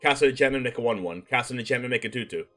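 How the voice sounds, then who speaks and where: A man streaming casually as he builds a card-game deck, reading card text aloud and thinking out loud in a chatty way. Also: mid-range voice, rapid-fire, soft background music. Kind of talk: casual live-stream commentary.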